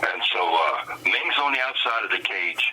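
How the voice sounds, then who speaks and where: Older man, animated storyteller, swooping lively pitch, loud background noise. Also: moderate pace. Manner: animated storyteller with laughs and Southern folksy phrasing. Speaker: wrestling manager guest. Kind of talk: storytelling interview.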